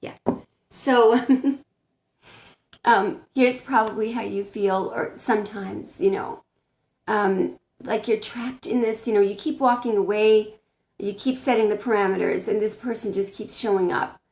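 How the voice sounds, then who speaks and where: A woman's voice: mid-range voice, steady tone, a little slow, darkish tone. A woman giving blunt spiritual relationship advice as a tarot reader, talking straight to camera and often restarting her sentences. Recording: roomy echo.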